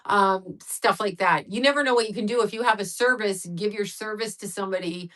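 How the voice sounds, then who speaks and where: A woman's voice: medium pitch, a little fast, sharp tone, rough recording. A woman in her sixties hosting a casual livestream, talking candidly and rambling, with frank swearing, and answering viewers' messages as she goes. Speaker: livestream host.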